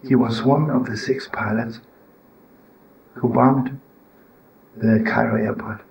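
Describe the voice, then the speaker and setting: Older male teacher telling stories, informal and searching, bursts into high scolding, some noise behind. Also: steady tone, slow, gravelly. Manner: storytelling, with frequent "you know" and "right?"; swings to loud, high scolding when voicing the inner voice. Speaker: rabbi and storyteller.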